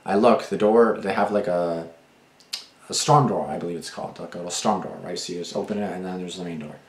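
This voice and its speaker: A deep-voiced man hosting reaction videos rattles off a late-night story at speed, casual and rambling, packed with swearing, restarts, fillers and "like"s. His voice echoes around the room, with slight background noise.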